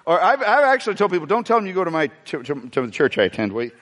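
A fast-talking pastor with a fairly high voice preaches animatedly to a congregation in a church sanctuary. Humor and questions to the listeners run throughout, and the sound carries a long hall reverb.

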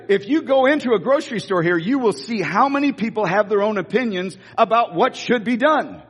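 A man preaches in a church, his high voice leaping up and down as he hammers home repeated lines. His tone is a little husky, and long reverb trails each phrase through the hall. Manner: emphatic, repeats key lines, swings from slow stressed phrases to quick asides. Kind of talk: sermon.

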